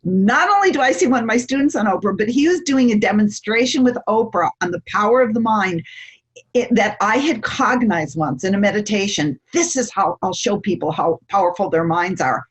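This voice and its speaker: A middle-aged woman with a husky voice tells a personal story as an interview guest. She talks in an animated way, laughs often and acts out the lines of the people in her story. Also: medium pitch, fairly quick. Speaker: guest, success coach.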